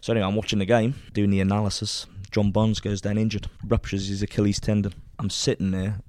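Man, older, from England, fast storyteller, acts out dialogue, dry close sound. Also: fairly low pitch, no room sound. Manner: animated, acts out quoted dialogue, laughs often. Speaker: former footballer guest. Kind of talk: anecdotal storytelling.

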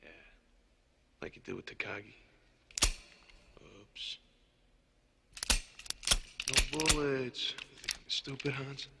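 John McClane, gravelly cop. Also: male voice, on the low side, fairly even intonation, normal speed, long pauses, heavy background noise. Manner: sarcastic, teasing. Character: wisecracking male New York cop, cocky. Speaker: police officer.

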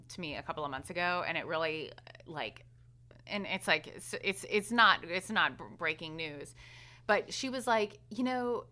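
A woman's voice: fairly low pitch, pushed and bright. A woman in her thirties co-hosting a parenting podcast, speaking in a supportive, agreeing way with some hesitation. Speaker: podcast co-host. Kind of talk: casual podcast chat.

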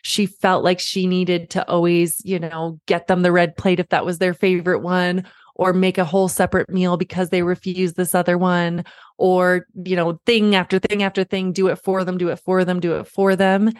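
A woman's voice: lowish voice, flat delivery, normal speed, no echo, clean studio sound. A woman in her thirties hosting a parenting podcast, coaching parents in an earnest, encouraging way and repeating key phrases.

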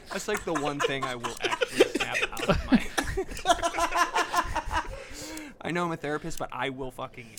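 A man plays a therapist who turns low and quiet when he gets touchy, menacing under a calm surface. Loud audience laughter runs behind him. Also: a little slow, pauses often, a loud crowd. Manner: soft, low, passive-aggressive.

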